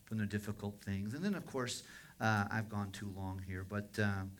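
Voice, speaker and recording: A man's voice: on the low side, moderate pace. A man preaching a sermon as a pastor, in a conversational storytelling manner that circles back on itself. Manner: conversational storytelling, with frequent restarts.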